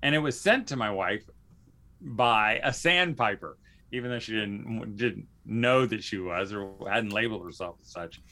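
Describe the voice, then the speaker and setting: Man, podcast host, bright forceful tone, casual rambling talk, lots of ums and restarts. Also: on the low side, normal speed. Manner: rambling, with many fillers and restarts.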